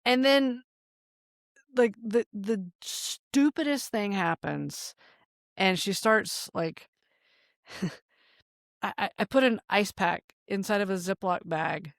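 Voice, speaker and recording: A woman in her thirties co-hosting a podcast, telling a story in casual chat, animated and swearing freely. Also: medium pitch, takes it slowly, long pauses, dry recording, studio quality. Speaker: podcast co-host.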